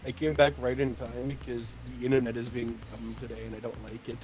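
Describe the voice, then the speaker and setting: A man's voice: medium pitch, flat delivery, brisk, a little mellow, faint music behind. A man chatting casually with amusement during a live stream. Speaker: co-player.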